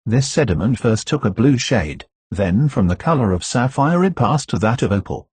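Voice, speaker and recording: A man narrating a classic novel in a steady, measured reading, recorded close to the mic. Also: mid-range voice, slightly rough, dry recording. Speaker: audiobook narrator.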